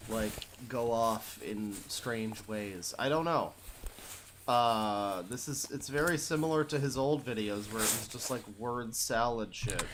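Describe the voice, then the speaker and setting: A man's voice: medium pitch, unhurried, background noise. A man streaming live and reacting to videos, blunt and skeptical, swearing casually.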